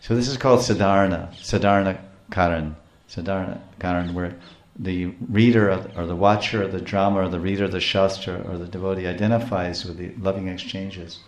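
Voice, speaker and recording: A man's voice: low-pitched, fairly even intonation, brisk, few pauses, reverberant. A man giving a scripture lecture as a spiritual teacher, telling stories with frequent restarts. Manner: storytelling, acts out quotes, frequent restarts.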